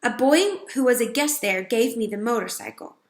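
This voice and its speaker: A woman's voice: fairly high pitch, lively intonation, moderate pace. A woman voicing an eager, dignified young male mouse who pleads and coaxes. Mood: coaxing. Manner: pleading, coaxing. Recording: roomy echo.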